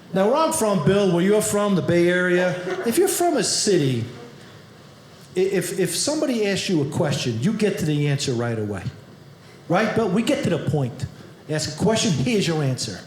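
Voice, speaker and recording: A man's voice: a little high, animated, a little fast. A man with a New York accent doing stand-up comedy, brashly teasing and quizzing members of the audience. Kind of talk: stand-up comedy with crowd work. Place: comedy club stage before a live audience. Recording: echoey room with loud audience noise.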